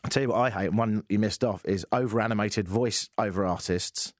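A man hosting a radio talk show, reading listener texts with wry, animated commentary. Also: on the low side, a little fast, dry recording, studio quality. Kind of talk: casual radio call-in chat.

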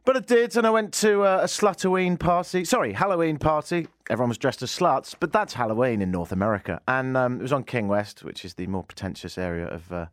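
Radio host, male, animated comic storyteller, jokes at his own expense, dry studio sound. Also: medium pitch, brisk, few pauses, no echo. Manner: self-deprecating, rambling anecdotes with jokes. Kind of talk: comedic talk radio monologue. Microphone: studio microphone.

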